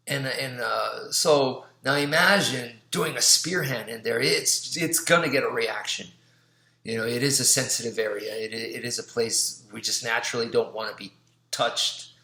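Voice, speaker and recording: A man's voice: medium pitch, sharp tone. A man casually recalling his old martial arts teacher, rambling with many fillers as he demonstrates moves. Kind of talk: casual storytelling. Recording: echoey room.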